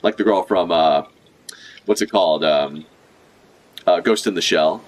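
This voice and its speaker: A young man giving excited, joking live reaction commentary, swearing freely and laughing a lot. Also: sits low, measured pace. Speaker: manga reaction streamer.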